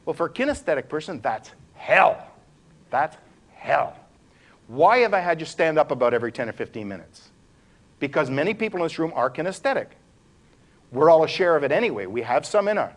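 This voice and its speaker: Animated man teaching a live workshop. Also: quick pace. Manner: animated, demonstrates voices and postures, shifts pitch and pace. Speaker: workshop presenter. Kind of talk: live workshop talk to a room. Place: room with a live audience.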